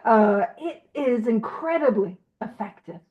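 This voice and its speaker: A woman leading a recovery study over a video call, animated and self-teasing, asking question after question. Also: on the high side, measured pace, phone-quality sound.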